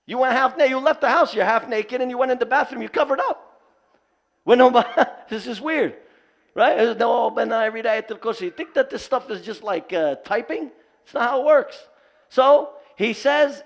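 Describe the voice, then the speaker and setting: Animated man giving an Islamic talk. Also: high voice, brisk. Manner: animated storytelling with humor. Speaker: Islamic teacher. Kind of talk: community lecture. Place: mosque community hall.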